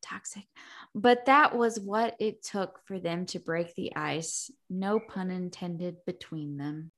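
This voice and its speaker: Bright, animated young woman recapping a book. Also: fairly low pitch, takes it slowly. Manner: animated, profane, laughing often, acts out characters. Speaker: podcast host. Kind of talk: casual book recap chat.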